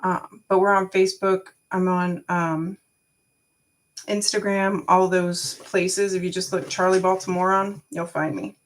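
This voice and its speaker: A woman's voice: lowish voice, level tone, a little slow, a little hiss or hum. A woman giving a live-stream tarot reading, chatty and frank, talking to her viewers by name. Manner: frank, swears casually. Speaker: tarot card reader.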